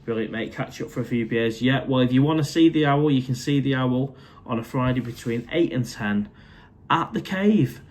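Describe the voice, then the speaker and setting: Hosting a casual live-stream chat indoors at his condo, a chatty middle-aged Mancunian man from Manchester, England reads viewer comments aloud. His mid-range voice is a little mellow and moves at normal speed, and he's matey, calling viewers mate.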